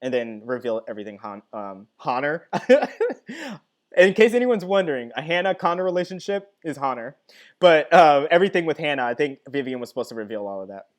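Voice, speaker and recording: A man's voice: on the high side, very animated, brisk. Chatty young man answering live comments. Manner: chatty, enthusiastic, reads and answers comments aloud. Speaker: live-stream host reacting to a TV finale. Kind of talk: casual live-stream chat reading viewer comments.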